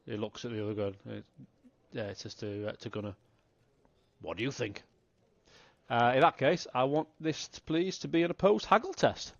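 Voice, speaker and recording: A man narrating as game master, talking in halting bursts with many restarts. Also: medium pitch, gravelly, no room sound. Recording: dry, slightly dull online call audio.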